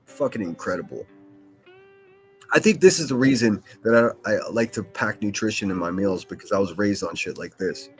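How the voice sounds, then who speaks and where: A man's voice: fairly low pitch, lively intonation, normal speed, faint music behind. A man hosting a solo podcast, rambling casually with lots of swearing, fillers and restarts. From Pittsburgh, USA.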